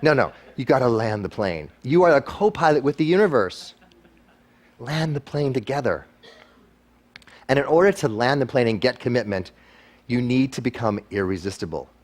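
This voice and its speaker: A man gives a motivational talk to a live audience, slipping into quick impressions of the people he quotes. His delivery is playful and self-deprecating, with a voice of ordinary middle pitch. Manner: animated, acts out quoted voices. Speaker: guest speaker.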